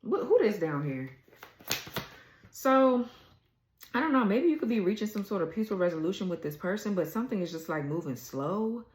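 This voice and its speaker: A woman's voice: mid-range voice, animated, normal speed, darkish tone, reverberant, slight background noise, low-quality recording. A woman doing a casual tarot reading, blunt and exasperated, swearing freely as she reads the cards. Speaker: tarot reader.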